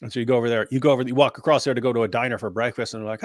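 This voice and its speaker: A man co-hosting a live stream, joking and telling animated stories in casual chat. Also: mid-range voice, rapid-fire, no room sound, studio quality. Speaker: co-host of a live talk stream.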